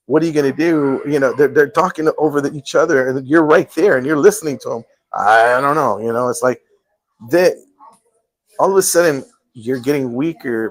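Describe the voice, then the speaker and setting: A man's voice: medium pitch, no echo, rough recording. A male live-show host telling a personal story in casual chat, earnest and full of restarts.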